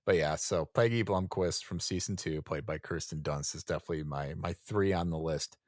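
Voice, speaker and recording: A man's voice: low voice, moderate pace, no echo, studio quality. A man co-hosting a podcast in casual chat, laid-back and rambling, often chuckling. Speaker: podcast co-host.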